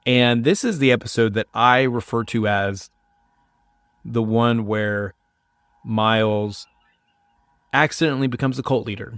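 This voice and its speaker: A man's voice: medium pitch, measured pace, pauses often, a bit bright, clean tone, no room sound, studio quality. A man hosting his own podcast in a chatty, self-mocking way, still getting over a sinus cold. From United States. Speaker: podcast host. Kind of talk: casual solo podcast talk.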